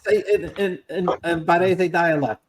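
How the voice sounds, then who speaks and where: A man hosting a casual panel chat, relaxed and friendly, with some fillers. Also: sits high, moderate pace, over a noisy crowd. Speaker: host.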